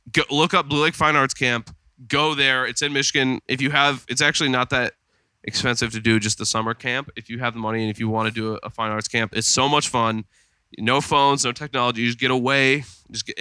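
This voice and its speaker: Here a man co-hosts a laid-back podcast, wandering through stories with lots of fillers. His mid-range voice is pushed, bright and smooth, recorded dry on a studio podcast mic.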